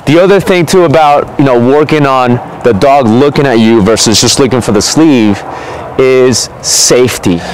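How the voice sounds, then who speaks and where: A man's voice: medium pitch, moderate pace, a little hiss or hum, poor audio. Casual man explaining dog training outdoors. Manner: relaxed, conversational, frequent "okay?" check-ins. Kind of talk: casual instructional talk.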